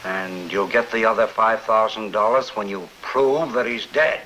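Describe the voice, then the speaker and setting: Syndicate boss, flustered, bright sharp voice, 1940s radio drama, hiss. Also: male voice, fairly low pitch, normal speed, poor audio. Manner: flustered, stammering. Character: nervous male syndicate head, pleading. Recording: old radio recording with faint hiss.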